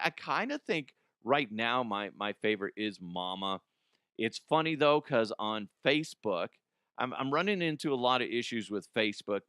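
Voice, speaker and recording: A man's voice: medium pitch, sharp tone, smooth, no echo, studio quality. A man in his forties hosting a comedy podcast, rambling in a casual, profane monologue. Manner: profane, rambling, laughs at own jokes.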